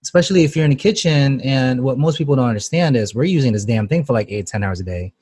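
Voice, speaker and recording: Chef guy on a podcast, swears a lot, laughs, mid pitch, dry close sound. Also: animated, quick pace, a little mellow, breathy edge, dry recording. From Canada. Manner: casual, swears freely, laughs often. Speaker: cook, podcast co-host. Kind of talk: casual chat.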